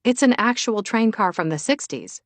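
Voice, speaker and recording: A woman narrator voicing a lively young woman who runs a café, brisk and lightly exasperated. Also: a little high, no room sound, pitched above the performer's own voice, close to an everyday voice. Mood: explaining.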